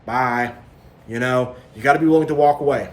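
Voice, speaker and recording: Rapid-fire and reverberant, this medium-pitched male voice belongs to a spiritual vlogger. Speaking passionately to camera, he preaches in a repetitive way, warns those listening, and mocks others by voicing their words.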